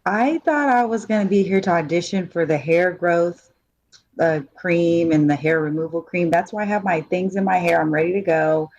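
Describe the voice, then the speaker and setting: A woman's voice: on the low side, moderate pace, darkish tone, highs cut off. A woman improvising a breezy, self-assured actor at an audition, over a video call. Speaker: improv performer. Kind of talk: improv comedy scene.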